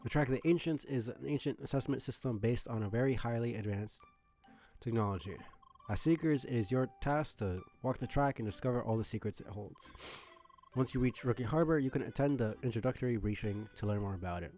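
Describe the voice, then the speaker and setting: A man voicing a formal official who briefs newcomers in a measured, proper way. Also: medium pitch, mellow, faint music behind, lightly acted.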